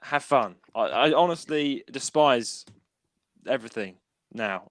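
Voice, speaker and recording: A young man from London with a London accent, hosting a casual chat over a video call, animated and laughing often as he talks. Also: medium pitch, unhurried. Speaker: podcast host.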